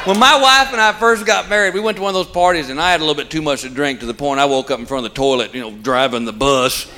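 A man's voice: on the high side, quick pace. A man doing folksy stand-up comedy before a live audience, telling stories that build to a repeated punchline. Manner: folksy storytelling with punchline refrains. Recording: live stage audio with crowd noise.

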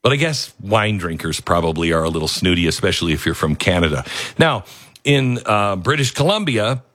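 A man hosting an opinionated news commentary, animated and sarcastic, often laughing. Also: deep voice, fairly quick, no echo, studio quality. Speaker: commentary show host.

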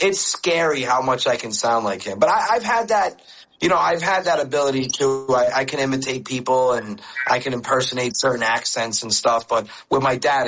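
A man's voice: medium pitch, fairly bright tone, low-quality recording. Laughing man telling stories. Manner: laughs often, repeats words while telling stories. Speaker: comedian guest. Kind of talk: casual interview chat.

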